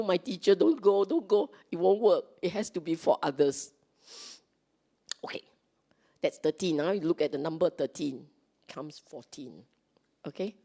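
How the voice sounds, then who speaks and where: A Singaporean woman gives a Dharma talk in a low, grounded voice. Her speech is relaxed and conversational, peppered with "okay?" as she checks in with her listeners. She slips into quick acted snippets of dialogue as she teaches. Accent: Singaporean English. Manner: chatty, checks in with "okay?", acts out quoted lines. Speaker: Dhamma teacher. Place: meeting hall.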